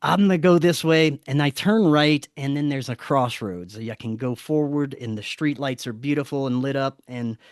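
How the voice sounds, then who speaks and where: A man guesting on a podcast tells a story casually and animatedly, swearing freely and acting out the dialogue. His voice is medium-pitched, recorded in studio quality with no echo.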